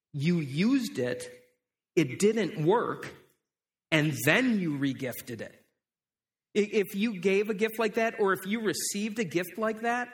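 A man's voice: high-pitched, a bit bright. A man preaching a sermon in a conversational way, often repeating words as he restarts. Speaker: pastor.

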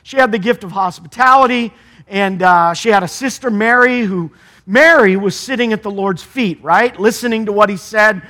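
Middle-aged guy pastor preaching, high bright voice, chatty, keeps asking the crowd stuff. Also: normal speed. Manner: conversational preaching with rhetorical questions. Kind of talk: sermon.

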